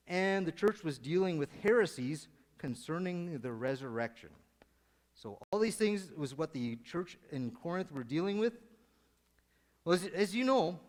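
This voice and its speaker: A man giving a casual, joking sermon to his congregation, rambling and conversational. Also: a little high. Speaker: lay preacher. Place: church sanctuary. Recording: long church hall reverb.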